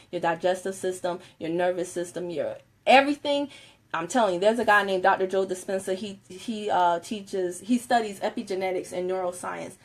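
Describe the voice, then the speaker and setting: A woman giving a casual motivational talk on a live stream, animated and laughing often, moving between soft and loud. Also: mid-range voice.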